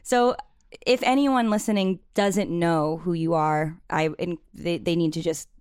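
A woman's voice: on the low side, fairly even intonation, unhurried, a little mellow, smooth, no echo, clean studio sound. A woman hosting a casual interview, laughing easily and prompting her guest. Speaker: podcast host.

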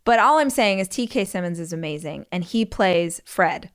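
A woman's voice: lowish voice, animated, moderate pace, clear, resonant tone. A woman hosting a solo podcast, chatting casually and rambling enthusiastically with frequent restarts and asides. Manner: chatty and rambling, gushing about movies; frequent restarts and side comments. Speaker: podcast host.

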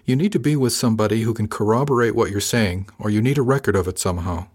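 A man reading the part of a blunt, sardonic woman officer, speaking flatly and a little higher than his own voice. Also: fast talker, breathy edge.

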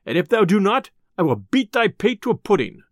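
Narrator doing a gruff, threatening tinker, lively and dry. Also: male voice, sits high, fairly quick, no room sound, pitched above the performer's own voice. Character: grim angry male tinker, burly and gruff.

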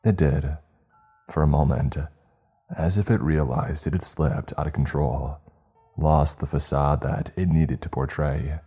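Male horror narrator: extremely deep, dark, husky, measured and suspenseful, soft music bed. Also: fairly even intonation. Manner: measured, suspenseful first-person telling.

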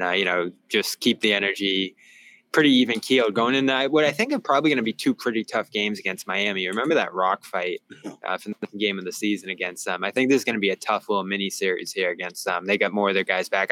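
A man's voice: lowish voice, a bit bright, rough recording. A man, a sports reporter on a podcast, giving casual game analysis in a rambling way with many fillers and restarts, calling in remotely.

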